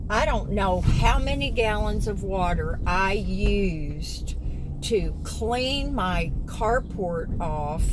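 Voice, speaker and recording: A woman's voice: medium pitch, background noise. A woman in her sixties with a Southern US accent, chatting folksily to her viewers in a casual vlog. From American South. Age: 60s. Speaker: vlogger. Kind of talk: casual chat to camera.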